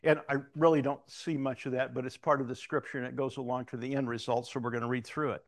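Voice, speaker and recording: A man's voice: mid-range voice, little pitch movement, fast, hardly any pauses. An older man giving an informal sermon, telling personal stories in a rambling, conversational way with frequent restarts. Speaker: preacher.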